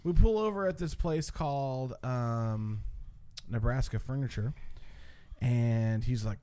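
A man tells a wild night-out story in a low, mellow voice. He swears freely and slips into quick voices for the people he quotes, all loose and casual. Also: clear, resonant tone. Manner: animated, profane, acts out quotes. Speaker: storyteller among friends.

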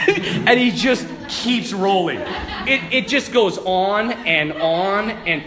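A man who is a Catholic priest, giving a conversational homily full of stories, laughing often and swinging between loud and hushed. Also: high-pitched, sing-song, takes it slowly. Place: church. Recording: echoey church room.

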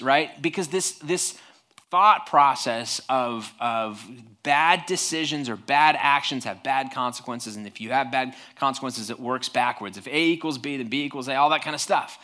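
Chatty pastor with a bright voice. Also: male voice, mid-range voice, normal speed. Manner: conversational, many restarts, acts out quoted voices. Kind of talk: sermon.

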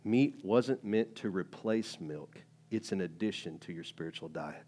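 A man preaching a sermon in a conversational, animated way, full of fillers and rising emphatic bursts. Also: deep voice, unhurried. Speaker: pastor.

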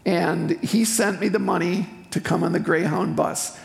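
An older speaker from eastern Wisconsin giving a personal testimony sermon in a church sanctuary, telling the story in a heartfelt, unhurried way with emotional swells. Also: mid-range voice, fairly even intonation, vocal fry. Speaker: guest speaker at a church service. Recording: echoey hall with faint music.

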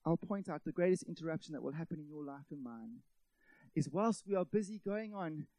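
A man preaching a sermon in an animated way, asking rhetorical questions and calling the congregation his friends. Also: on the high side, a little fast, no room sound. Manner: animated, with many rhetorical questions and acted-out quotes; addresses the audience as friends.

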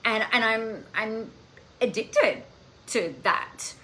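A woman hosting a casual live stream, talking in an animated, chatty way and swearing now and then. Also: a little high, takes it slowly, rough recording. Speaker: coaching podcast host.

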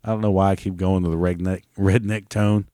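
A man's voice: low voice, flat delivery, brisk, dark tone, no room sound, clean studio sound. A man, hosting a podcast in a sarcastic, profane, mocking rant. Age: 40s. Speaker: podcast host. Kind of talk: casual ranting monologue.

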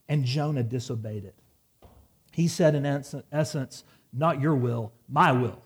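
A man's voice: mid-range voice, unhurried, slightly rough. A man preaching a sermon, reading scripture dramatically and dropping wry asides. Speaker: pastor.

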